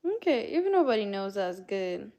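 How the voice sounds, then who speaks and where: A woman's voice: medium pitch, sing-song, normal speed, mellow. A woman from Canada hosting a casual livestream, chatting with viewers, greeting them by name and reading out their messages. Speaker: livestream host. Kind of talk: casual live-stream chat with viewers.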